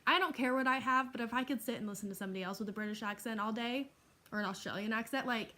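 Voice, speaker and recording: Young woman, casual Q&A vlogger, chatty and a little higher-pitched, lots of "um" and "like". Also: fairly bright tone. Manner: chatty, laughing, with frequent "um" and "like". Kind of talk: casual Q&A vlog.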